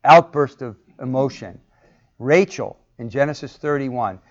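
A man's voice: mid-range voice, animated, moderate pace. A man teaching a Bible class, asking the group questions and acting out the lines he quotes. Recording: muffled lo-fi recording.

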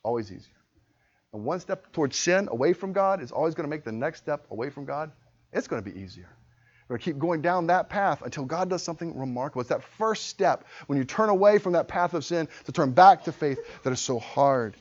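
A man preaching a sermon as pastor, impassioned, dropping to hushed tones and rising to loud cries. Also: fairly high pitch, animated, fairly quick, highs cut off.

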